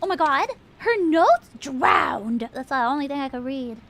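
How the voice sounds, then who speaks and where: A woman streamer playing a video game, reacting loudly with laughter and shouts. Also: high-pitched, very animated, unhurried. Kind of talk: let's play commentary. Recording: game music playing behind.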